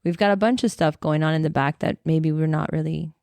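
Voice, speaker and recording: A woman's voice: low voice, fairly even intonation, brisk, darkish tone, dry recording, studio quality. A woman co-hosting a podcast in playful, giggly banter. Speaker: podcast co-host. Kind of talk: casual chat. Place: studio in a glass-walled room at a trade show.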